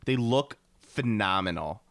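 A man's voice: lowish voice, lively intonation, a little slow, a bit bright, no room sound. A man co-hosting a podcast in casual chat, easygoing and a bit hesitant. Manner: easygoing, hesitant, short replies. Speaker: podcast co-host.

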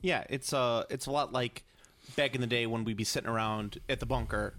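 A man chatting about games in a loose, joking way. He talks fast at a middle pitch. A faint noise sits underneath his voice. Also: steady tone, fairly bright tone. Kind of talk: casual chat about games.

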